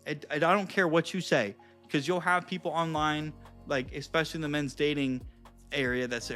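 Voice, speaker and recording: Young male vlogger, bro-ish and profane, bright higher voice, quick little acted bits, light music underneath. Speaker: vlogger and social skills coach. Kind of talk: casual vlog talk to camera.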